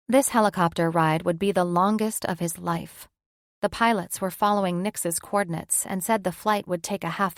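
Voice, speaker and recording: Gravelly low woman narrating a novel. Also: no echo, studio quality. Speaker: audiobook narrator. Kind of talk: scripted narration.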